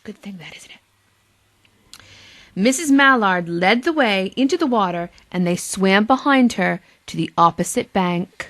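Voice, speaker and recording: A woman's voice: medium pitch, a bit bright. A woman teacher with a Boston accent reading a picture book aloud to young children, with playful asides to them.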